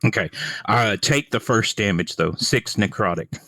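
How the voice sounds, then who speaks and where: A man takes his turn in an online tabletop game, thinking aloud in an unhurried, low-pitched voice. The sound is dry and close. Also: animated, sharp tone, no room sound. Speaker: player. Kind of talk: casual tabletop play over a voice call.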